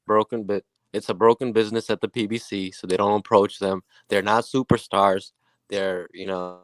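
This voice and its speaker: A man's voice: on the low side, fairly even intonation, normal speed, no echo. A man on a boxing talk panel, arguing back bluntly and insisting on his point. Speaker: panel guest. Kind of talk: heated debate.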